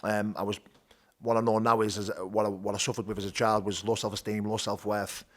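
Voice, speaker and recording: A man with a Teesside accent telling his rough childhood story as an interview guest, blunt and animated, swearing freely. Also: lowish voice, brisk. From North East England. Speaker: guest, bare knuckle fighter. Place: gym.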